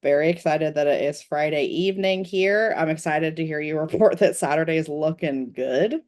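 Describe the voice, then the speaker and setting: Low-voiced, wry American woman co-host. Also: normal speed. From United States. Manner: relaxed, wry, supportive listener with short backchannels. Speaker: podcast co-host. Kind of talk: casual chat. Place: Portland, United States.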